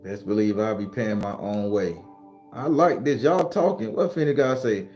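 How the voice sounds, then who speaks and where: A man's voice: on the low side, normal speed, darkish tone, faint music behind. A man hosting a casual live stream, talking bluntly and profanely and greeting viewers by name. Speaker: host.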